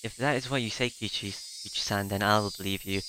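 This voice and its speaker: A man voicing a frightened, anxious schoolgirl, speaking softly and haltingly. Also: on the low side, steady tone, noisy background, natural voice. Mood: uneasy.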